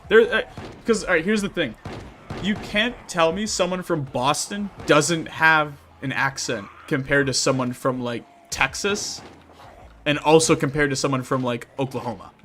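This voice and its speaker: A man's voice: fairly high pitch, moderate pace, fairly bright tone, a little hiss or hum. A young man with a Midwestern accent, chatting casually on a live stream in a rambling, filler-heavy way. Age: young adult.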